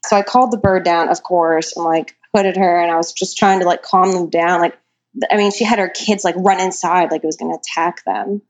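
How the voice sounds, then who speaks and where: A woman's voice: fairly low pitch, steady tone, brisk. A young woman in her twenties, a falconer, chatting casually and telling stories with lots of fillers. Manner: chatty storyteller, many likes. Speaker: guest falconer. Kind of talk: casual chat.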